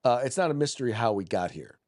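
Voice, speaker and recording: His voice is mid-range, expressive and somewhat dark, delivered at a quick pace. He hosts a political podcast with a blunt, combative style, reading articles aloud and regularly stumbling into restarts and repeated words.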